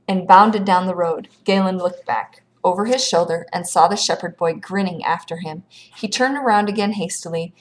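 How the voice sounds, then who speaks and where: A woman reading a children's fantasy novel aloud with steady, expressive storytelling. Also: on the low side. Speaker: audiobook reader.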